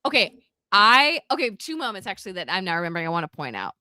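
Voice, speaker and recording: A woman's voice: mid-range voice, fast talker, no room sound. A woman co-hosting a podcast, recapping a film in casual chat, acting out the characters' lines and laughing often. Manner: animated storytelling, acts out character quotes, frequent laughs and fillers. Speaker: podcast co-host.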